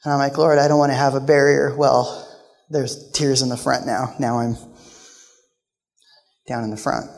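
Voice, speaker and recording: A male guest speaker telling a personal story in a sermon, now loud, now hushed. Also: medium pitch, level tone, normal speed, vocal fry, pauses often, big-room sound. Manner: storytelling, emotional, shifts between loud and hushed.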